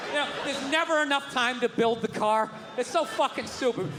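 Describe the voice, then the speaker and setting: A man doing stand-up comedy, ranting loudly with profanity and shouted punchlines, on a stage before a live audience. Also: very high-pitched, normal speed, big-room sound. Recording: live club with crowd laughter and noise.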